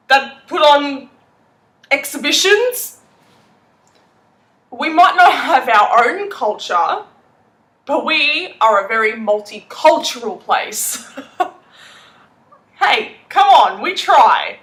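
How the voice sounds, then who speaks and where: A young Australian woman vlogging in a bright, bouncy voice that swoops up and down as she chats. She is playful and quick to laugh. Her voice rings a little in an echoey room. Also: sits high, expressive. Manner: chatty, playful, laughs often. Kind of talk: casual vlog chat.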